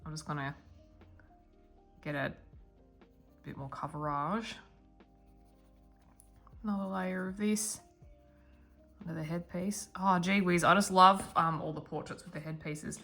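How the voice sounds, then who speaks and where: Low-voiced woman chatting while coloring. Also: measured pace, long pauses, fairly bright tone, faint music behind. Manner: chatty, mumbling self-talk while working. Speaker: coloring tutorial host. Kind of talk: guided step-by-step coloring tutorial.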